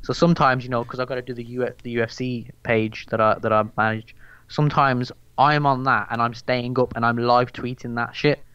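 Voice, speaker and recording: A man's voice: medium pitch, little pitch movement, brisk, a bit bright, smooth, no room sound, muffled recording. A young man with a Birmingham accent chatting casually as a podcast guest, rambling and swearing with lots of fillers. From England. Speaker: guest, MMA news account runner.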